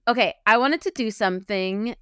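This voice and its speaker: A woman's voice: medium pitch, normal speed, fairly bright tone, clean tone, no room sound, clean studio sound. A young American woman co-hosting a podcast, chatting casually and laughing as she quizzes her friend. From United States. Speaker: podcast co-host. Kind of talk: casual chat. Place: Europe.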